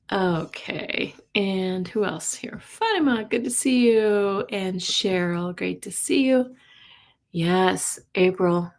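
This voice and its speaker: A woman hosting a casual live stream as a psychic reader, greeting viewers by name in a chatty way. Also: mid-range voice.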